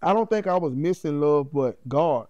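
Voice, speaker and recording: A man's voice: a little high, lively intonation, moderate pace, a little mellow, dry recording, muffled recording. A middle-aged man, a podcast guest, telling his life story in a heartfelt, conversational way that is peppered with "you know what I'm saying.".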